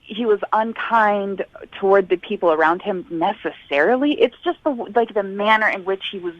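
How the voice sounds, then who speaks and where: A woman's voice: mid-range voice, normal speed. A woman talking to radio hosts over the phone, hesitant and polite, with nervous laughs. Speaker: caller on the phone. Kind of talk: phone conversation. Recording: dull phone line.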